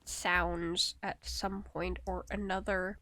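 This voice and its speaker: A woman's voice: on the low side, level tone, slow pace, pushed and bright, no echo. A young woman streaming live, chatting casually with her viewers, giggling often and teasing them playfully.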